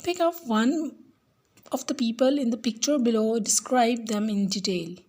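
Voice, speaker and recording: In this recorded lesson, a woman who teaches English talks at a slow, careful pace, saying each word twice for her pupils. Her pitch is fairly high and slightly mellow.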